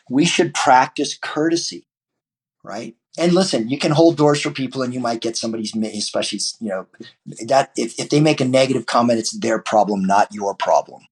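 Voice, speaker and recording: A man's voice: medium pitch, breathy edge. A man, a martial arts teacher, talking as a podcast guest in a loose, rambling way with many restarts and fillers. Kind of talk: podcast interview guest, casual talk.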